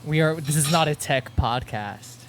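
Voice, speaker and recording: A man's voice: a little high, moderate pace, slight background noise. Upbeat young man co-hosting a podcast. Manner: upbeat, laughs easily, restarts sentences. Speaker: podcast co-host. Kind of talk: casual chat.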